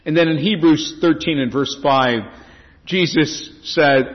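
In an unhurried, fairly high voice, a male pastor works through a scripture passage in his sermon, his emphasis swinging animatedly up and down. The recording is lo-fi and dull, with the echo of a reverberant hall.

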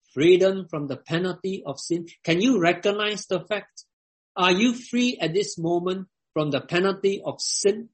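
A man preaching a sermon to his congregation, emphatic and given to repeating his questions. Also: sits high.

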